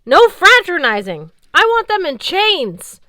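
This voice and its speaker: A woman's voice: extremely high pitch, wildly swooping pitch, measured pace, no echo, voice pushed up, full character voice. A woman voicing a fierce, hot-tempered Valkyrie leader who barks threats and orders. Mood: furious. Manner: shouting, imperious threats.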